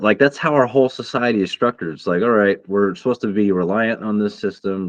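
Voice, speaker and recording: A man co-hosting a podcast in casual, profane, rambling chat that turns excitable. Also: on the low side, dry recording. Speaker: podcast co-host. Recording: dull lo-fi dry sound.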